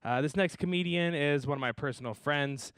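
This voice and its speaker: A man's voice: on the high side, fairly quick, a bit bright, clear, resonant tone, dry recording. A man hosting a comedy show, introducing the next act in a loose way and hyping the crowd. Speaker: host. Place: comedy stage before a live audience.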